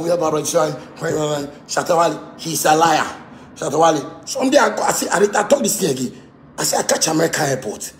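A Ghanaian-accented man, a musician, in a heated rant that switches between pidgin and English and often breaks into shouting. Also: high-pitched, echoey room, a little hiss or hum. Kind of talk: angry rant.

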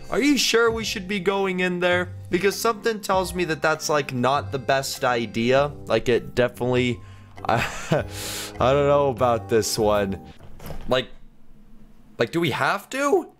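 A man hosts a gaming video, giving playful, animated let's-play commentary full of jokey self-talk as he plays. His voice is on the high side and a little slow, with faint music behind him.

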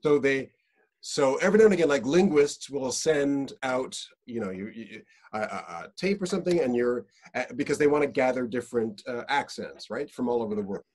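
A man with a Canadian accent hosting a podcast, telling stories in a relaxed way with lots of fillers. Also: mid-range voice, fairly quick, breathy edge. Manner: relaxed storyteller, many fillers and restarts. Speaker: podcast host. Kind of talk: casual chat.

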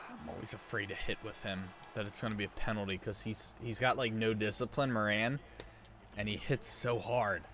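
A man's voice: lowish voice, very animated, moderate pace, noisy background. A young man commentating as he plays a hockey video game, reacting to each play with groans, sighs and cheers. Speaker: gaming YouTuber. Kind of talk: live gameplay commentary.

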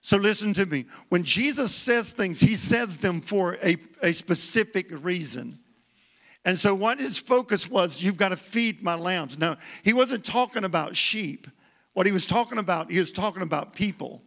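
Man, sermon, guest preacher, high voice, bright tone, repeats for emphasis. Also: expressive, normal speed, creaky. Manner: preaching with call-and-response, repeating words for emphasis. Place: church sanctuary.

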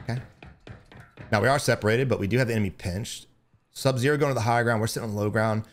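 A young man giving blunt, profane gameplay commentary as a streamer, breaking into loud excited bursts. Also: fairly low pitch, fast talker. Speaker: gaming streamer.

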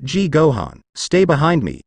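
A man's voice: on the high side, huge pitch swings, a little slow, vocal fry, dry recording, heavily acted. A man voicing a wounded, exhausted female warrior mother in a fan fiction audio story, stammering weakly. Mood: urgent. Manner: weak and stammering.

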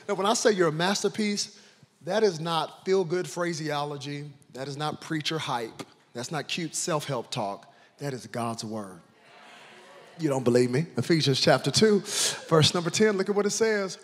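A man preaching an energetic sermon as pastor, with shouted lines and call-and-response. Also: a little high, normal speed. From Texas. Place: large church hall. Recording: reverberant church hall.

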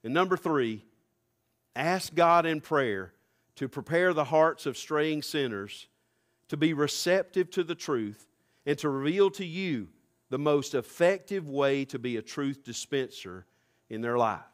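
A male pastor preaching a sermon, rising fervently to near-shouts. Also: on the high side, expressive, a little slow.

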